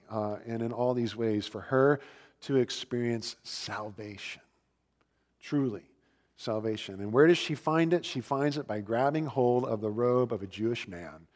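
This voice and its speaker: A man preaching a sermon in a conversational, storytelling way, with fillers and lively asides. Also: fairly low pitch, in a large hall. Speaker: pastor.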